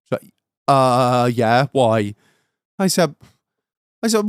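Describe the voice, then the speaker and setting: Animated British man telling a story. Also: medium pitch, unhurried, long pauses, no room sound, clean studio sound. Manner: animated, swearing, laughing as he tells a story. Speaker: podcast host. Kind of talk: casual storytelling.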